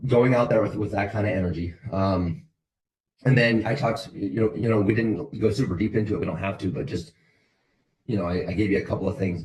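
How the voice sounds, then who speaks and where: A man's voice: deep voice, darkish tone, rough recording. A man coaching his sales team on a call, blunt and motivational, repeating his points over and over.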